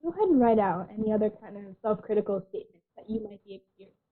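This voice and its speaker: A woman counselor giving an online workshop in a gentle, reassuring way, often clearing a tickle from her throat. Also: medium pitch, animated, rapid-fire. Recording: tinny phone-like audio.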